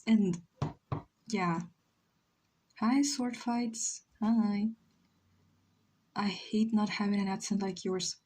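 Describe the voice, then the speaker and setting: A woman's voice: medium pitch, fairly even intonation, slow, pauses often, a little mellow. A young woman from Chile, chatting casually and joking with her chat while she draws on a livestream. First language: Spanish. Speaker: streamer.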